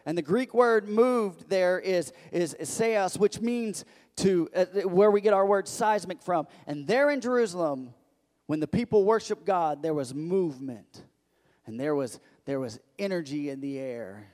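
A man preaching a sermon as pastor, emphatic and repetitive, building to loud declarations. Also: sits high, expressive, a little slow. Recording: echoey hall.

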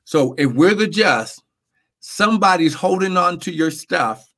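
A man's voice: high-pitched, unhurried. A man preaching in a live Bible teaching, reading scripture, repeating words and calling for amens. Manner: animated, repeats words, asks amen.

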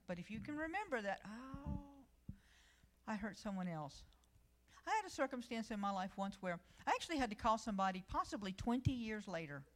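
Earnest woman giving a devotional. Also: medium pitch. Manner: earnest and conversational, swelling when reading scripture. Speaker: church speaker. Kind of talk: devotional teaching with personal stories.

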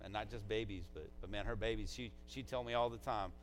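Heartfelt pastor giving a eulogy. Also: male voice, fairly low pitch, fairly even intonation, fast talker, a little hiss or hum, rough recording. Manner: conversational and heartfelt, fillers like "man".

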